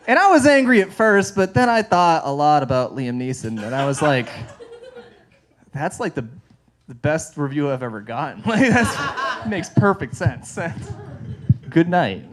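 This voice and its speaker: High-voiced rambling stand-up comic man. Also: big pitch swings, takes it slowly, pauses often. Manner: rambling self-deprecating storytelling, laughing at own jokes. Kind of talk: stand-up comedy set. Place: comedy show stage.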